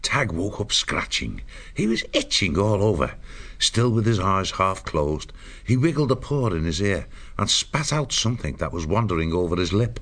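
A man narrating an audiobook chapter in a measured storytelling delivery. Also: low voice, expressive, fairly bright tone, soft background music.

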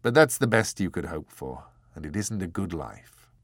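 A man's voice: low-pitched, very animated, moderate pace, no room sound, full character voice. A man voicing a suave, unsympathetic man in an audiobook, speaking in a cool, dry, matter-of-fact way. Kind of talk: audiobook character voice.

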